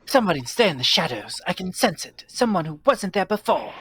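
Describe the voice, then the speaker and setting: A woman's voice: on the low side, very animated, brisk, a bit bright, slightly rough, exaggerated voice. A woman voicing a composed, proper young woman who speaks formally and commandingly. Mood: stern.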